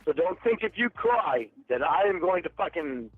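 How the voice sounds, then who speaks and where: A man's voice: on the high side, big pitch swings, moderate pace, slightly rough, no room sound, faint music behind. An angry man on a phone call, accusing and swearing heavily, heard over a tinny phone line.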